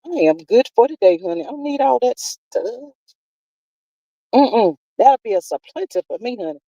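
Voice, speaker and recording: A woman with a fairly high voice hosts a relaxed livestream, talking with her viewers in a homespun, familiar way. She calls her listeners "child" and "honey" and drags out words to stress them. Her voice sits close and dry, with no room sound. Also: normal speed, no echo, highs cut off. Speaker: livestream host. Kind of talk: casual livestream chat, reading viewer comments.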